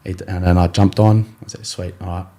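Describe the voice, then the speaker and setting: A man's voice: low voice, flat delivery, fairly quick, warm tone. A young Australian man, a rugby league player, telling his story in a casual interview, rambling with many fillers and acting out his coach's words.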